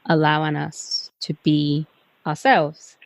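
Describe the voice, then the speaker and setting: A woman's voice: sits low, little pitch movement, slow pace, dry recording. A woman hosting a podcast interview, speaking in an affirming, encouraging way. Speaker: podcast host. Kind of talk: conversational interview.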